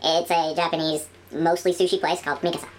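A woman chatting casually in a studio, telling animated stories and trailing off into quiet mumbled asides. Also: on the low side, quick pace, faint music behind. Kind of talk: casual chat.

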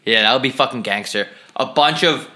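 A young man co-hosting a podcast, trading crude deadpan jokes in casual comedic chat. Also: a little fast. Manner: deadpan, crude joking with lively swings in pitch. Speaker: podcast co-host.

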